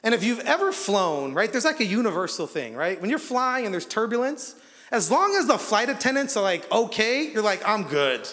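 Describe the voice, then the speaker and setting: Man, high voice, sermon, animated storytelling, filler words, long hall reverb. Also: a little fast. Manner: animated storyteller, acts out quotes, frequent fillers. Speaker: guest preacher. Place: church auditorium.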